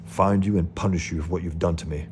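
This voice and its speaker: A man's voice: low voice, steady tone, quick pace, noisy background, close to an everyday voice. A man reading aloud as a grief-stricken male hero who is obsessed and brooding. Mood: obsessive. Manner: intense, brooding.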